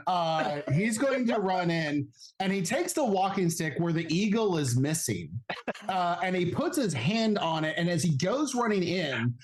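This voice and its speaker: A man playing a tabletop game, narrating his character's turn in a slow, halting way with many fillers. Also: high-pitched. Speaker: player.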